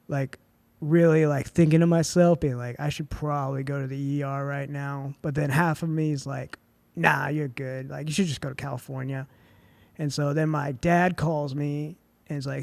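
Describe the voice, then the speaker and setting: A man's voice: on the high side, creaky, darkish tone, no echo. A man in his twenties, a podcast guest, telling a story casually with a lot of "like" and "dude". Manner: laid-back, heavy on "like" and "dude".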